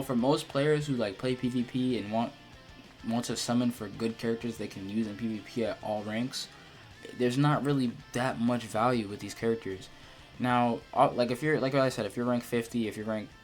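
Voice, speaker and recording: A young man talks through his opinions on a game in an unscripted, rambling way, often repeating words and trailing into ums. His pitch sits in an ordinary middle range for a man. Faint guitar music plays quietly underneath. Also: steady tone, moderate pace. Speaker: gacha game video creator. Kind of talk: unedited casual game commentary.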